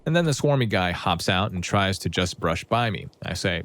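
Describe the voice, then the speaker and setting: Low-voiced male story narrator. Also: animated, normal speed, few pauses, a bit bright. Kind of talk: scripted narration of reader-submitted stories.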